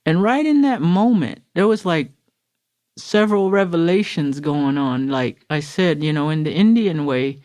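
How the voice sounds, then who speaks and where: A woman's voice: sits low, expressive, measured pace, warm tone. A middle-aged woman from Florida, a podcast guest, giving an earnest, emotional personal recovery testimony and acting out the quotes she retells. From Florida, USA.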